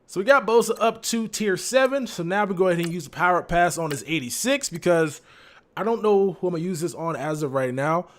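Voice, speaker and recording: Brief: young male gaming host, casual rambling commentary, slightly higher voice. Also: fairly bright tone. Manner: chatty, repetitive, rambling. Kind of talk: casual commentary over gameplay.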